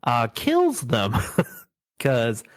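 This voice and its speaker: A man co-hosting a podcast, talking at a middling pitch and chuckling as he walks through cartoon scenes. His voice is close and dry, with no room sound around it. He keeps acting out little bits of dialogue. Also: drawn-out words, dry recording. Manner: laughing, animated retelling with quoted voices. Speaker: podcast host. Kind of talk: casual chat.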